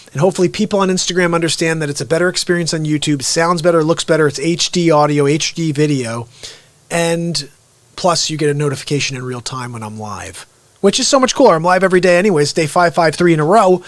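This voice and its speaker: A middle-aged man talks straight into a close, dry mic while he hosts a live stream. His voice sits a little high for a man. He is energetic and bursts out loud now and then, then drops to low asides. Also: no room sound. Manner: energetic, with sudden loud outbursts. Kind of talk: unscripted live-stream monologue.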